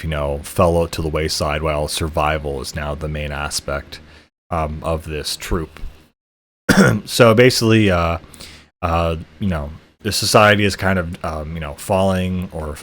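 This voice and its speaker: A man hosting a podcast, talking casually about a video game with many fillers, restarts and frequent throat clearing. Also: low-pitched, steady tone, a little slow, a bit bright. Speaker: podcast host. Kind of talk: casual game review talk.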